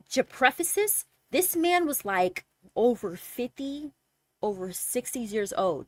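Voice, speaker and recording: A young woman streamer telling a casual story with animated, exasperated energy and lots of swearing. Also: on the high side, no room sound.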